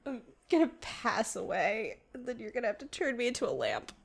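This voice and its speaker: A woman's voice: fairly high pitch, sing-song, fairly quick, vocal fry, slightly rough. A woman co-hosting a casual podcast chat, rambling and often breaking into laughter. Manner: giggly, rambling, frequent laughter. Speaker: podcast co-host.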